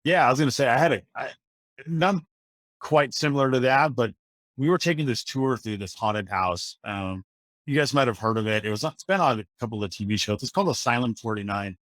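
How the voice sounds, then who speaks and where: A man's voice: medium pitch, brisk, no echo. A man, a paranormal investigator, telling an anecdote in casual podcast chat. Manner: relaxed anecdotal storytelling.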